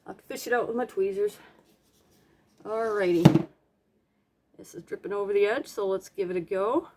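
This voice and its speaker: A woman talks her way through a messy craft project in a relaxed, chatty voice. She pokes fun at herself and tosses in little hums and silly sound effects as she works at her table at home. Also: mid-range voice, normal speed, heavy background noise. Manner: chatty, self-deprecating, hums and makes playful sound effects. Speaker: craft vlogger. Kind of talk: casual narration while painting.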